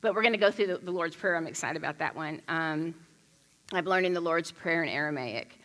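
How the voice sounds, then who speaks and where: Bright, animated woman preaching. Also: sits low, brisk. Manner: animated, chatty storytelling with frequent restarts. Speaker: pastor. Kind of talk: conversational sermon.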